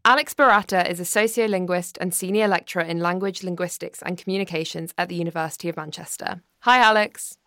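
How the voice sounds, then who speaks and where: A woman from the West Midlands hosting a podcast, presenting in a measured, articulate way. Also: on the low side, pushed and bright, dry recording, clean studio sound. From West Midlands, England. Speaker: podcast host.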